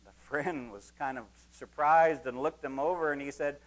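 A man's voice: fairly high pitch, steady tone, moderate pace, few pauses, poor audio. A man preaching a sermon verse by verse, briefly acting out the voices in the story.

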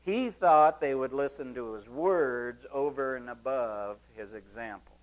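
A man's voice: mid-range voice, unhurried, rough recording. A man preaching a sermon verse by verse, briefly acting out the voices in the story.

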